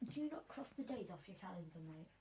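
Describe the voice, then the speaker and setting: A woman's voice: fairly low pitch, very animated, quick pace, creaky, dark tone, slightly rough. A woman watching a race alongside the host, chatting in a playful, teasing way. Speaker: co-viewer on the stream. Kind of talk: casual chat.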